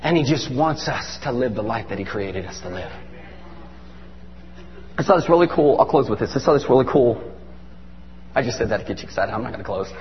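A man's voice: mid-range voice, lively intonation, a little fast, long pauses, big-room sound, dull audio. A man preaching a comic sermon in a large church, joking and teasing his audience. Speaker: pastor.

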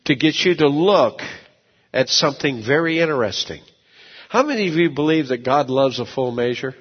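Husky-voiced pastor preaching in a hall. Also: male voice, lively intonation, normal speed, dull audio. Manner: folksy storytelling, repeats words, swings from low asides to shouted peaks. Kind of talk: sermon.

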